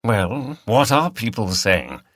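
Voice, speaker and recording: Man doing an uneasy earnest banker, low voice, dry sound. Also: very animated, slow pace, a bit bright, dry recording, exaggerated voice. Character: earnest, uneasy middle-aged male banker.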